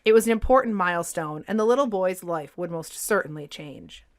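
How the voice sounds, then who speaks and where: A woman co-host narrating a scripted history podcast in a lively, expressive way. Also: fairly low pitch, fairly quick.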